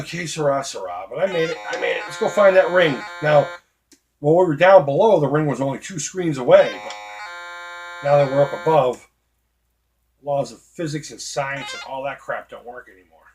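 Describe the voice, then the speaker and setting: A man's voice: medium pitch, darkish tone, a little hiss or hum. A middle-aged man from Boston with a Boston accent, telling a long profane story while playing a retro video game, full of fillers and asides. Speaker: retro gaming host. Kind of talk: casual gameplay commentary.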